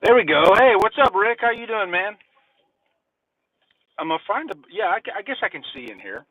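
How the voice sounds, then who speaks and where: A man's voice: high voice, expressive, brisk, no room sound, narrow, tinny audio. A man from the US South chatting casually on a live stream from his parked car, rambling and repeating himself, with casual swearing. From Mississippi, US South. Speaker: livestream host. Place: parked car by a convenience store.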